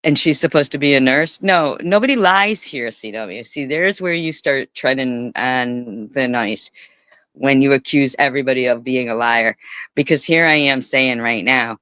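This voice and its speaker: A woman's voice: very deep voice, normal speed, a bit bright, dry recording. A woman streamer giving rambling live commentary, swearing and repeating words for emphasis.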